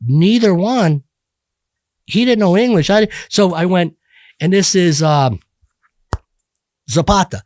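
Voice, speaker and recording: A man's voice: sits high, lively intonation, takes it slowly, long pauses, darkish tone, no room sound, clean studio sound. A middle-aged man talking bluntly and profanely as a podcast guest, rambling with many restarts. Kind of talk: casual podcast conversation.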